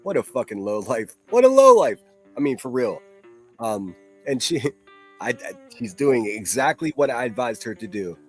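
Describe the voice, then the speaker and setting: A man's voice: mid-range voice, normal speed, breathy edge, soft background music. A man hosting a solo livestream, ranting in a profane, mocking and combative way. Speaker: livestream host.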